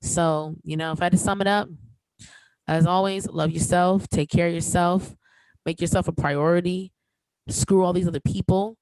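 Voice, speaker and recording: A woman's voice: lowish voice, steady tone, normal speed, darkish tone, clear, resonant tone, no echo, rough recording. Emphatic podcast host woman, dry close sound. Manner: emphatic, projecting, repeats herself, slangy. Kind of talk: solo podcast rant.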